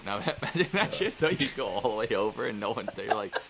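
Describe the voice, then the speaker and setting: Animated joking male podcast host. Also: lowish voice, fast, vocal fry, crowd noise. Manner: joking, animated, swears freely. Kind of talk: casual comedy chat.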